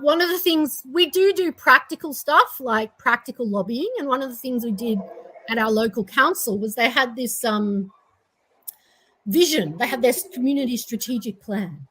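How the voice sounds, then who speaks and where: An Australian woman guest on a casual podcast, talking with animated energy and sarcastic asides. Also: fairly high pitch, a little slow, rough recording. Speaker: guest advocate.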